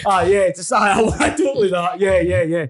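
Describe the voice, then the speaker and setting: A young man with a Highland Scottish accent, a comedian guest telling stage stories in casual podcast chat, energetic and animated with swearing and laughs. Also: moderate pace, over a noisy crowd.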